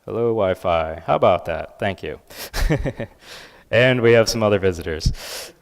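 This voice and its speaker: A man giving a live conference talk and software demo, casual and upbeat with many filler words. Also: on the low side, big pitch swings, measured pace. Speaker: conference speaker. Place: large conference hall. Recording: reverberant conference hall.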